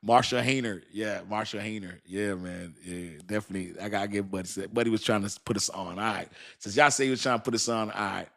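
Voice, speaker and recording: A man's voice: lowish voice, fairly quick, creaky, fairly bright tone. A man hosting a live crypto stream, talking to his viewers in a loose, slangy and rambling way with many restarts. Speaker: crypto channel host. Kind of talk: casual livestream talk to viewers.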